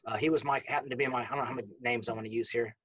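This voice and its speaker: A man telling a lively wrestling anecdote and acting out the lines he quotes. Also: mid-range voice, very fast, slightly rough, lo-fi sound. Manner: lively storyteller who acts out the quoted lines. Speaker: former college wrestler. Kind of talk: casual anecdote.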